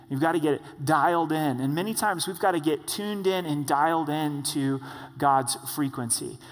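A male pastor preaching a sermon in a conversational way, slowing down to stress key points. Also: a little high. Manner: conversational, slows for emphasis. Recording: long reverb of a church hall.

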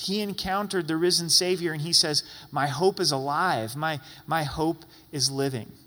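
Preaching a sermon, a middle-aged male pastor speaks with earnest force, now and then breaking into loud exclamations. His bright voice runs a little high for a man. Each phrase is followed by a long, lingering reverb.

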